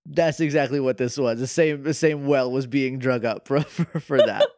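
A man's voice: mid-range voice, darkish tone, no room sound, studio quality. A man co-hosting a podcast, reacting in casual chat with wry jokes and frequent swearing. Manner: wry, swears freely, quick joking reactions. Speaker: podcast co-host.

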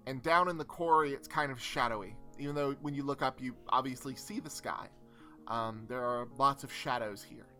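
A young man narrating a tabletop game as game master, relaxed and hesitant with frequent pauses. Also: mid-range voice, faint music behind. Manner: relaxed, hesitant with many ums.

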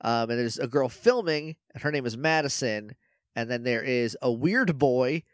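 A man's voice: medium pitch, lively intonation, normal speed, dry recording, clean studio sound. A man co-hosting a podcast, chatting casually and laughing often, with plenty of fillers as he trails off. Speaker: podcast co-host. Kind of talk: casual chat recapping a TV episode.

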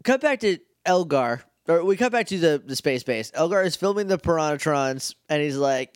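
A man co-hosting a podcast, retelling an episode in casual chat and jumping into quick voices for the characters. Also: on the high side, animated, no room sound, studio quality. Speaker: podcast co-host.

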